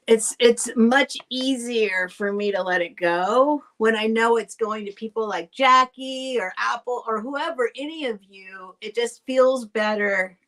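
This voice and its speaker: A woman's voice: medium pitch, fairly bright tone. A middle-aged woman chatting casually while selling items on a live stream, rambling and thanking buyers by name. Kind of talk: casual live sale chat.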